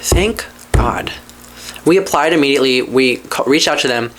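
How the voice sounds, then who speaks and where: A podcast host telling a personal story in casual chat, candid and profane, rambling with asides and swinging between low mutters and excited highs. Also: fast, noisy background.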